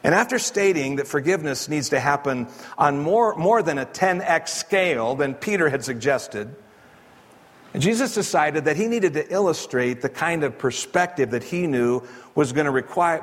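A man's voice: on the high side, long reverb tail. A man preaching a sermon as pastor, telling a parable in a casual, conversational storytelling way and acting out the quotes.

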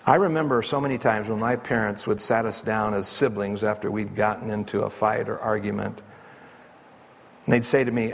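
A man's voice: on the low side, steady tone, normal speed, creaky, long reverb tail, slight background noise. A man preaching a sermon as pastor, telling a parable in a casual, conversational storytelling way and acting out the quotes.

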